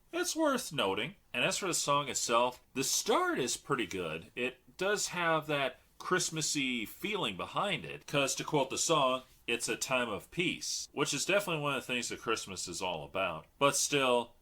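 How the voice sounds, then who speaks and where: A man hosting a casual movie review chat, talking in an animated, mocking way. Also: medium pitch.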